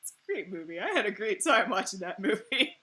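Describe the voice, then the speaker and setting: A woman's voice: medium pitch, big pitch swings, fairly quick, pushed and bright. A woman streamer in casual chat on a live stream, laughing often and swearing freely.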